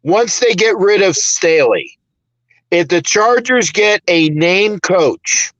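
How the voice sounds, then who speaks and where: A man with a high, bright voice rambles through casual sports chat, emphatic and a little profane. The sound is close and dry, with no room around it. It comes through dull lo-fi call audio. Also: expressive, takes it slowly, dry recording. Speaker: podcast host.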